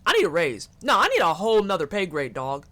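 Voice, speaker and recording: Medium-pitched and fast-talking, a streamer provides live commentary on a horror game. He keeps up jokes and profanity in an animated delivery.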